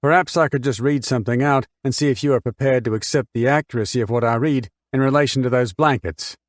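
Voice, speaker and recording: A man's voice: mid-range voice, no room sound, clean studio sound, natural voice. A man voicing a cool, probing barrister. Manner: formal, measured questioning.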